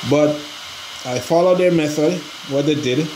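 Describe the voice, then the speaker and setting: A man with a voice pitched a little high talks in a frustrated, halting way, circling back over the same complaint with fillers and restarts. The room is echoey and a faint background hum sits under him. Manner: frustrated, rambling, says he is pissed off; hesitant, restarts and fillers, talks to viewers as guys. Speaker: RC hobby vlogger. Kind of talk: casual vlog chat.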